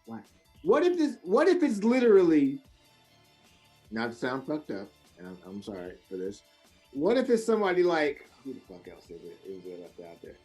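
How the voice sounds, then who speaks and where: A man co-hosting a casual wrestling podcast, ranting in an animated, profane way, swinging from loud high outbursts to low mutters. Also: a little fast, faint music behind. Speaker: podcast co-host.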